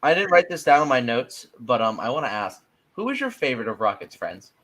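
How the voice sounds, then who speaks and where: A man co-hosting a casual podcast, talking with an excitable, lively voice that swings widely in pitch. He acts out his own reactions as he talks and keeps the chat loose and conversational. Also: fairly quick. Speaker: podcast co-host.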